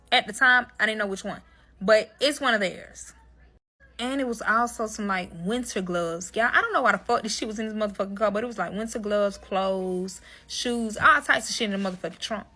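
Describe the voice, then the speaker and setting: A woman's voice: on the high side, pushed and bright. A woman telling a dramatic personal story to her listeners, profane and emphatic, talking straight to them. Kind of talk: casual storytime monologue.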